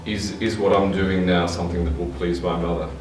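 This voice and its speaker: A man's voice: low-pitched, level tone, fairly quick, music in the background. A man earnestly sharing advice and repeating his key points. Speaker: interviewee. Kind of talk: reflective advice. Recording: echoey, distant mic.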